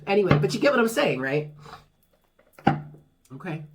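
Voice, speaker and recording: Over loud music, a tarot reader gives a casual monthly reading, speaking frankly, swearing freely, and reassuring the listener. The mid-range voice swings widely in pitch at a normal speed, and the reader laughs at their own jokes.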